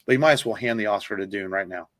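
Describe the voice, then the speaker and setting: On a podcast, a male co-host chats casually about movies in a rambling, enthusiastic way, dropping lots of fillers and the occasional swear word. His voice sits on the low side with a fairly bright tone, and he talks very fast.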